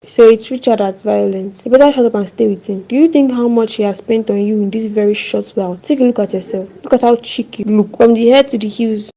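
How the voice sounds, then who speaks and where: Brief: pushy older Nigerian mother, mellow low-key voice, bossy. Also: fast talker, few pauses. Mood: scolding. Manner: scolding, bossy, nagging. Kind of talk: cartoon voice acting.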